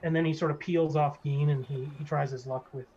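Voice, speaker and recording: A man narrating as game master of a tabletop game, halting and restarting as he goes. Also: fairly high pitch, fairly even intonation, a little mellow. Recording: slightly dull lo-fi mic, faint noise.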